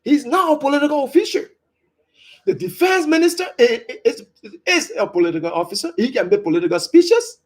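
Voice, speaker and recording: A political commentator and writer from Liberia, delivering emphatic opinion commentary with sharp upward stresses. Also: sits high, expressive, brisk.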